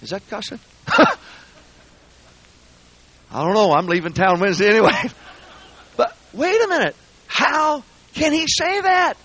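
A man preaching a folksy, joking sermon in a church, swinging between quiet asides and shouting. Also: very high voice, measured pace, pauses often. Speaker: guest preacher. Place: church sanctuary.

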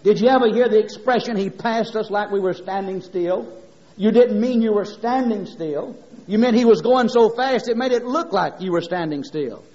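A man's voice: high voice, normal speed, a little mellow. A middle-aged man preaching a sermon, impassioned and rhythmic, mixing scripture with homespun stories. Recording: dull lo-fi sermon recording.

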